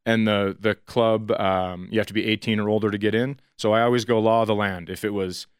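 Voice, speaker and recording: A man's voice: fairly low pitch, steady tone, fairly quick, clean tone, dry recording. Man in his forties, comedian, dry understated delivery, casual chat, dead-dry close recording. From northern Minnesota. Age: 40s. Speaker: stand-up comedian.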